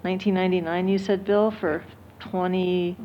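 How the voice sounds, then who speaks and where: Woman, board member, earnest, measured, public meeting, dull lo-fi sound. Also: lowish voice, flat delivery, slight background noise.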